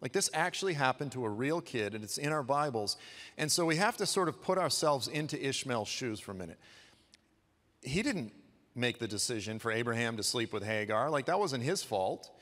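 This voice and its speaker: A man's voice: expressive, normal speed, a bit bright, in a large hall. A man preaching a sermon in a church, retelling a Bible story in a casual, conversational way and acting out the quotes. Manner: conversational, acts out quotes with shifts in pitch and pace. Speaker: guest preacher.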